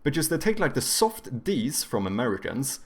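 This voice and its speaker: A man's voice: mid-range voice, big pitch swings, moderate pace. A young man streaming from his home setup, chatting casually while he codes, joking about himself and swearing freely. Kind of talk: casual live-stream chat while coding.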